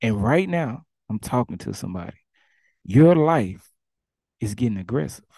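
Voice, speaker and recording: Gravelly preaching man, dark tone. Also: mid-range voice, very animated, moderate pace, no echo. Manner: preaches in casual dialect, acting out commands and swinging between loud and hushed. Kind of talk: sermon.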